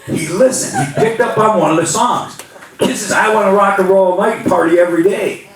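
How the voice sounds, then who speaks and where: On a comedy club stage, a middle-aged man with a high-pitched voice does a stand-up set a little fast, telling rambling stories and acting out the voices of the people in them. The roomy hall is picked up by a distant mic, with a loud crowd and audience laughter.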